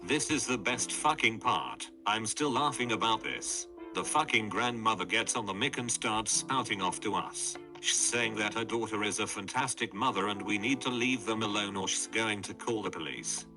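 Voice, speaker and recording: A synthetic male voice reads forum stories aloud, pitched a little low. The delivery stays flat and even throughout, with music playing clearly beneath him. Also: moderate pace, few pauses. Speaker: narrator reading forum posts. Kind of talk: text-to-speech story reading. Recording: background music under voice.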